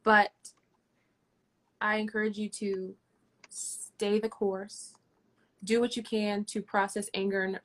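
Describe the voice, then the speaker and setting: A woman answering as a guest in a livestream interview, earnest and encouraging, with restarts. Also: medium pitch.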